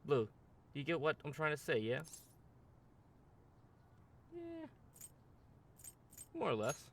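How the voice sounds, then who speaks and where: A man voicing a brash, rough-talking teenage boy with a put-on drawl while reading a game's dialogue. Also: fairly high pitch, huge pitch swings, takes it slowly, fairly bright tone, pitched above the performer's own voice, exaggerated voice. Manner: slangy, drawling put-on accent. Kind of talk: game voice-over reading.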